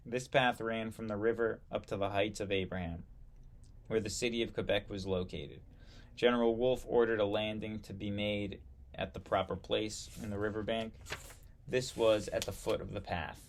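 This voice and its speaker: A man reading aloud from an old history textbook, halting now and then to correct himself and add brief asides. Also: fairly low pitch, fairly even intonation. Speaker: history reader.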